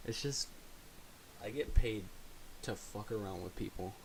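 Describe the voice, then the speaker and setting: A man's voice: lowish voice, slow, vocal fry, long pauses, poor audio. A young man hosting a podcast in casual chat, joking, laughing often and reading news headlines aloud. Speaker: podcast host. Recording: faint hiss.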